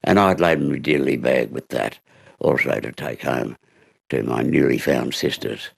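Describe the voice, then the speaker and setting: An older Australian man telling stories from his life in an interview, with a halting delivery full of fillers. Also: very deep voice, gravelly, husky. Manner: halting, with many fillers and lively storytelling. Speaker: guest, actor. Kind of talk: storytelling in an interview.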